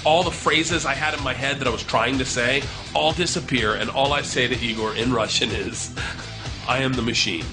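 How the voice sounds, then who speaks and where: A man in his thirties telling a comic story, animated and profane, acting out the voices of the people in it. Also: medium pitch, normal speed, few pauses, over loud music. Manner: animated, profane, acts out quotes.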